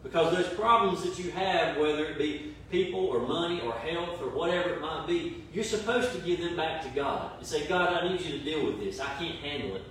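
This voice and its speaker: A male pastor preaches in a very echoey room, his slightly high voice carrying from a distance off the mic. He presses his points with repetition and questions, over faint room noise. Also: fairly quick, few pauses, fairly bright tone. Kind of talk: sermon. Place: church service streamed online.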